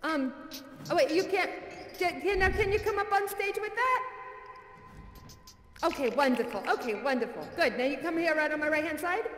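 A gushing, very high showgirl host. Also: lively intonation, normal speed, pauses often, a bit bright. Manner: gushing, breathless, giggly. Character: bubbly effusive female showgirl dancer host. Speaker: variety show host. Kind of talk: live virtual reality theater performance. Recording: echoey hall with faint music.

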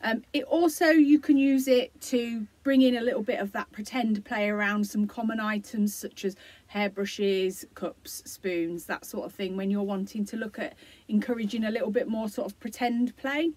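A woman explaining, gently and encouragingly, how parents can use a song for self-care routines, with many fillers. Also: medium pitch, fairly even intonation, normal speed. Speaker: early years support practitioner. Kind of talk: instructional video for parents.

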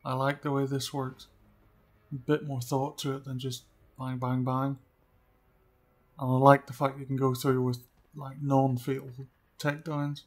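A man giving casual gameplay commentary, chatty and often dropping to quiet muttering as he sneaks around. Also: medium pitch, little pitch movement, unhurried. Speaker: let's play gamer.

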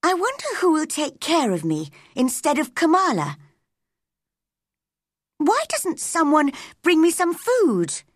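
A spoiled little girl, put on by a woman reading a storybook aloud, raised high above the reader's own voice. She sounds cross and demanding and swings widely in tone. The recording is close and dry. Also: wildly swooping pitch, slow, dry recording, full character voice. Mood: wondering.

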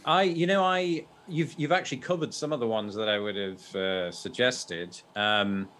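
A man's voice: lowish voice, normal speed, a bit bright, slight background noise. A British man talking as a guest in casual chat, wry and easygoing, often hedging his points. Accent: British English. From Britain.

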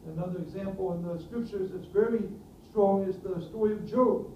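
A man preaching a sermon, earnest, often asking the congregation questions and building to loud emphatic peaks. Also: high-pitched, normal speed, slight background noise. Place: church hall. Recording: distant roomy mic, dull sound, faint ambience.

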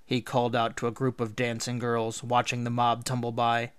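A teacher reading a storybook aloud in a measured, expressive way. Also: male voice, medium pitch, clean tone, no room sound. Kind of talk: read-aloud storybook narration.

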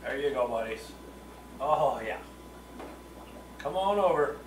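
A chatty middle-aged man hosts a relaxed livestream from his home fishroom. He rambles through viewer messages and laughs easily. His pitch sits squarely in the ordinary middle range. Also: takes it slowly, a little hiss or hum. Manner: rambling and chatty, answering viewer chat and chuckling. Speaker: livestream host. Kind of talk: casual livestream chat.

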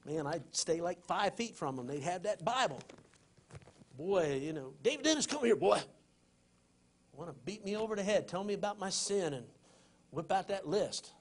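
A male pastor delivering a heartfelt sermon in a voice pitched a little above most men. He moves between rousing, pushing lines and soft, hushed passages. His phrasing stays folksy and conversational. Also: animated, normal speed. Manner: impassioned preaching, swinging between loud urging and hushed tenderness.

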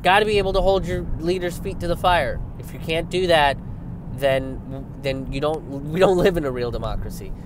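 A man's voice: fairly high pitch, normal speed, noisy background. A young man hosting political commentary, talking in a sarcastic, profane rant and sliding into mocking put-on voices.

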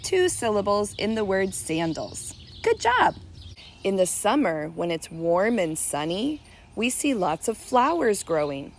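A preschool teacher woman speaks to small children in a gentle, unhurried sing-song, drawing out each word so they can clap along. Her pitch sits in a middle range. A faint background noise runs under her outdoor recording. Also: very animated. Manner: slow, sing-song and encouraging, stretching words to clap syllables. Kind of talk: children's lesson video. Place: outdoors on a summer day.

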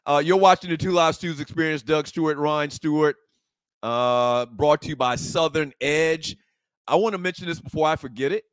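A man's voice: fairly high pitch, moderate pace, smooth, dry recording. Laid-back co-host man, dry close sound. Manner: laid-back, joking, reads promos and chat messages. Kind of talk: casual sports talk show banter. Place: bar.

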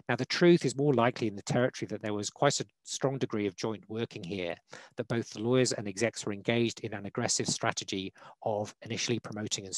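A man speaking as a law panelist in a formal online talk, measured and hesitant with frequent fillers, on a video call. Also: mid-range voice, no room sound, rough recording. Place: online webinar.

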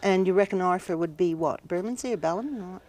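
Woman, interviewer, mellow warm tone, brisk probing questions. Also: fairly low pitch. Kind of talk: broadcast interview. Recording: TV studio interview from 1983.

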